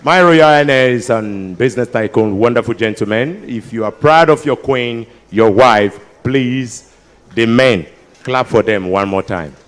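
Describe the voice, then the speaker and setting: A man with a Nigerian accent doing stand-up comedy at a ceremony, bantering with the crowd and slipping into pidgin with sudden loud outbursts. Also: medium pitch, measured pace. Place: large ceremony before an audience.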